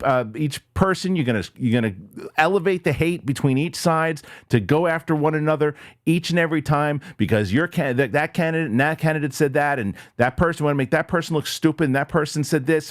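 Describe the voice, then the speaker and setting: Brief: male host, agitated ranting commentary, lively pitch, dry close mic. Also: no echo. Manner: angry, exasperated rant with rapid-fire questions.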